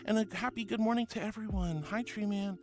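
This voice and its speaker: A woman's voice: mid-range voice, fairly even intonation, brisk. A woman streaming live, chatting casually with viewers in a bubbly, giggly way, calling them honey and sweetie.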